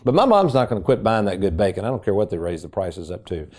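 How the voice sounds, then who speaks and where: A middle-aged man hosting a financial radio show, telling folksy stories in a casual, animated way. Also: sits low, quick pace. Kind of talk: casual radio chat and storytelling.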